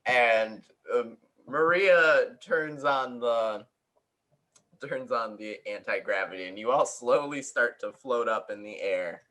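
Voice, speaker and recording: A man's voice: medium pitch, slow pace, sharp tone, poor audio. A young man narrating a tabletop game as game master, hesitant, with many ums and laughs. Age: young adult.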